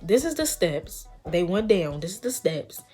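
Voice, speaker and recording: A young woman tells a story to her viewers in a loose, slang-filled storytime style. Her voice sits a little low, and she keeps talking straight to the audience as she goes. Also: measured pace, soft background music. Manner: animated, slangy, addresses viewers directly. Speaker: vlogger. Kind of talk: casual storytime.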